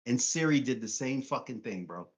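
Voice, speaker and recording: A man's voice: medium pitch, animated, moderate pace. A man from Brooklyn, co-hosting a casual live stream, blunt and profane, acting out what other people say. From Brooklyn, New York. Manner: blunt and profane, acts out quoted voices. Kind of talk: casual political chat. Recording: dull lo-fi stream audio.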